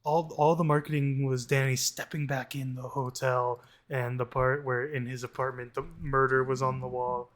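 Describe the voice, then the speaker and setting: A man's voice: mid-range voice, moderate pace, hardly any pauses. A man co-hosting a movie podcast, ranting casually with lots of restarts. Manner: ranting, animated, frequent restarts. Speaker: podcast co-host.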